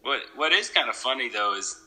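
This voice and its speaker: A man's voice: medium pitch, expressive, fairly quick, bright, forceful tone, low-quality recording. A man with a Canadian accent and a slight Southern drawl, co-hosting a casual chat and joking with his friends. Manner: joking, restarts often. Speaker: podcast co-host.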